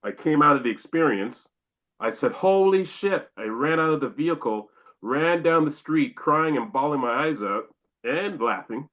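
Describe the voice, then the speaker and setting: A man's voice: medium pitch, moderate pace, pushed and bright, dull audio. A man from Canada, a podcast guest, telling a long personal story and acting out his own exclamations.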